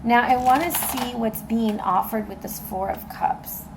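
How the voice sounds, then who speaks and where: A woman's voice: on the high side, a little slow, background noise. A woman giving a casual tarot reading, chatting straight to her viewers with loose fillers. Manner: chatty, addresses viewers directly, frequent fillers and laughs. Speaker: tarot reader.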